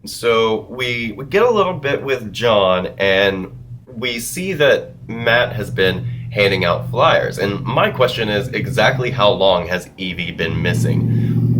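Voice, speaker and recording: Male TV reviewer, low voice, casual, profane, animated rambling. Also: slight background noise. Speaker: TV episode reviewer.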